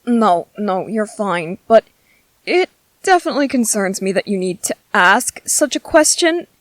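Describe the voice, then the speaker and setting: A woman's voice: medium pitch, big pitch swings, unhurried, fairly bright tone, dry recording. A woman voicing a shy, bookish young male soldier in an ASMR audio drama, nervous and stammering. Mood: exasperated.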